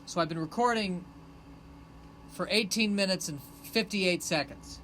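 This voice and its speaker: A man's voice: sits high, unhurried, slight background noise, low-quality recording. Sarcastic man ranting into his phone. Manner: sarcastic, self-mocking, erupts into shouted rants. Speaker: podcast host streaming live. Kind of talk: rambling solo live-stream monologue.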